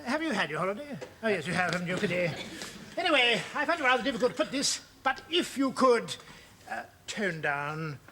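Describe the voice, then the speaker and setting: A dithering vague office boss. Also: male voice, sits high, big pitch swings, a little fast, bright, forceful tone, a little hiss or hum, exaggerated voice. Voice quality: hesitant, absent-minded. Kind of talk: sitcom acting.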